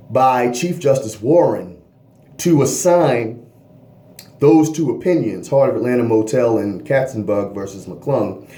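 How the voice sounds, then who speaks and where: A man's voice: mid-range voice, warm tone, echoey room. A man from Baltimore giving an unscripted history lecture, rambling and often checking in with "all right?". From Baltimore, USA.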